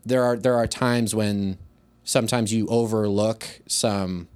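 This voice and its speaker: A high school teacher co-hosting a podcast, talking casually and thinking aloud with frequent restarts. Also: male voice, fairly even intonation, measured pace, darkish tone, clean tone. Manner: easygoing, acts out quoted lines in a livelier voice. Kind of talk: casual conversation.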